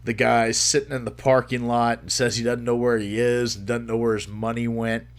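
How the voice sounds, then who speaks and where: A man's voice: medium pitch, flat delivery, normal speed. A man hosting a livestream, telling a story in a casual, profane way, swearing freely and laughing as he goes. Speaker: livestream host.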